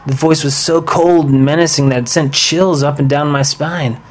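An actor playing a laid-back teen rocker slacker who keeps calling people dude and bro. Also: male voice, on the high side, fairly even intonation, normal speed, close to an everyday voice. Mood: storytelling.

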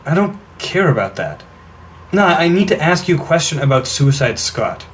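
A man's voice: fairly high pitch, big pitch swings, moderate pace, slight background noise. An actor playing an awkward, moody teenage boy who talks in a glum, self-conscious way.

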